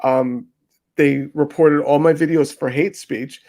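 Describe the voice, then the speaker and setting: A man hosting an interview and telling a story with animated emphasis, acting out his own remarks. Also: on the high side, unhurried. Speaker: interview host. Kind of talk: casual interview chat.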